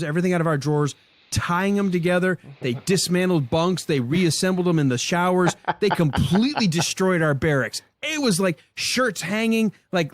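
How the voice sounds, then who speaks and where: A man's voice: a little high, no room sound. Profane storytelling man, dry close sound. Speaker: podcast host. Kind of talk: casual chat.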